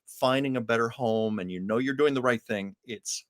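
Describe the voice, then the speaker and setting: A man hosting a casual interview, reacting to his guest, laughing easily and turning soft and sympathetic. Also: medium pitch, no echo, clean studio sound. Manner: warmly reactive, quick to laugh, softens when sympathizing. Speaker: host.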